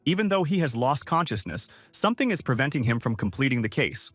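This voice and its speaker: A man playing a scheming young male student mage who wheedles when cornered. The reading is dry and close-miked, and the pitch rises and falls a lot. The sound is a storybook recap, not a fully acted role. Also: very animated, quick pace, fairly bright tone, no room sound, faint music behind.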